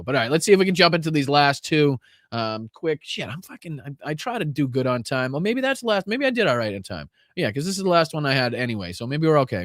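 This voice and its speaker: A man's voice: mid-range voice, fairly bright tone, no echo, studio quality. A man with a Boston accent hosting a live political podcast, talking bluntly and profanely with lots of fillers and restarts.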